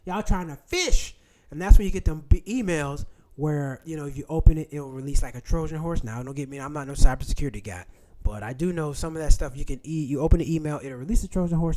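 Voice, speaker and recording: Animated, blunt man. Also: a little high. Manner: blunt, profane, animated storytelling. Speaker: channel host. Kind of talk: casual livestream talk.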